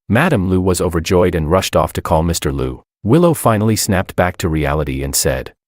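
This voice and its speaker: Very deep-voiced male storyteller. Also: a little fast, few pauses, no echo, clean studio sound. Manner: calm, cool, sardonic. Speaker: narrator. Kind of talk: first-person story narration.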